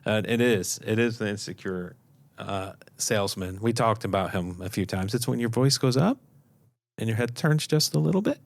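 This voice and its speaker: A man co-hosting a casual podcast about selling insurance, agreeable and often pausing with halting restarts. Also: lowish voice, expressive, creaky, dry recording. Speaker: podcast co-host and insurance sales trainer.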